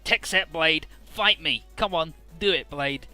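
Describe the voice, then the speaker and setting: Villain read: man plays a loud, gloating cyborg warrior in a game, sharp and bright. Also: a little high, expressive, normal speed, faint music behind, voice pushed up. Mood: menacing. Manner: cackling, taunting.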